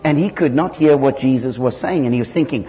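A man from southern Africa preaching a sermon, telling stories with lively jumps in pitch. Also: fairly quick. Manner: animated storytelling with sudden loud jumps in pitch. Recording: hall reverb.

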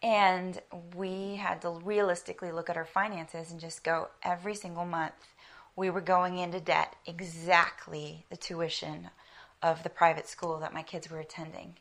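A woman preaching a conversational sermon. She tells stories with animation, laughs lightly as she talks, and drops to a soft whisper for emphasis. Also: on the low side, little pitch movement, normal speed. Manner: laughs lightly while speaking. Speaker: women's Bible teacher.

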